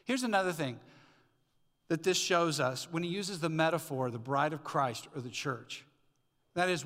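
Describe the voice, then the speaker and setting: A man's voice: a little high, bright, forceful tone, long reverb tail. A middle-aged man preaching a sermon as a pastor, conversational and storytelling with asides. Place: church sanctuary.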